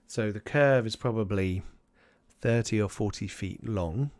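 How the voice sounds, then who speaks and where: A man's voice: fairly low pitch, measured pace, a little mellow, dry recording. A man running a tabletop game as game master, narrating loosely and acting out side characters as he goes.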